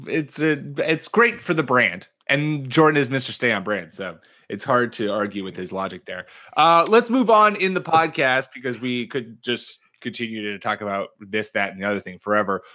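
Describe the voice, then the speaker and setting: Bright-voiced joking podcast host man. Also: mid-range voice, lively intonation, moderate pace, hardly any pauses. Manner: joking, rambling with fillers. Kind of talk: casual sports chat.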